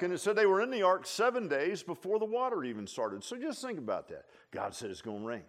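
A pastor preaches in a folksy, conversational way. He leans into loud, emphatic calls, then drops to low, quiet asides. His voice sits a touch high for a man. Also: big pitch swings, fast talker, few pauses. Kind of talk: sermon.

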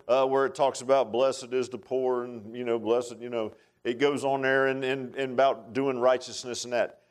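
A man preaching a folksy, rambling sermon as a pastor, with many fillers and restarts. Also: medium pitch.

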